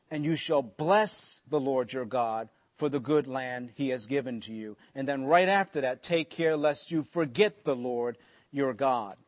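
A man preaching a sermon in a conversational way, with joking asides and slower stretches for emphasis. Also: mid-range voice. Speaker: pastor.

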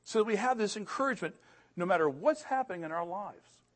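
A man's voice: high-pitched, lively intonation, fast talker. A middle-aged man preaching a sermon in an earnest way, often repeating words, and rising in emphasis on key phrases. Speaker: pastor.

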